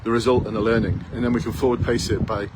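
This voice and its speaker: A man's voice: mid-range voice, little pitch movement, fast, very noisy. Blunt man coaching outdoors. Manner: blunt, challenging, rhetorical questions. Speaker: police recruitment coach. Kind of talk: direct advice to camera.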